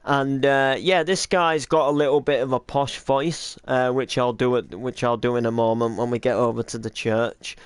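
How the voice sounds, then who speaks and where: Man explaining his game roleplay, hesitant, rambling, smooth and dry. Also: medium pitch, steady tone, normal speed, few pauses, no room sound. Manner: rambling, hesitant with many restarts. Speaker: roleplay series creator and cameraman. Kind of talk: casual chat.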